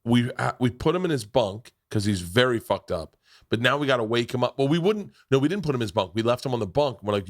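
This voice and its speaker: A man's voice: mid-range voice, expressive, fast talker. A man hosting a casual chat, telling a profane story with lots of restarts.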